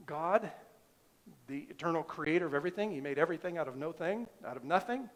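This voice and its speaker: A man's voice: on the high side, animated, fairly quick. A middle-aged male pastor preaching a sermon, emphatic, asking the congregation rhetorical questions.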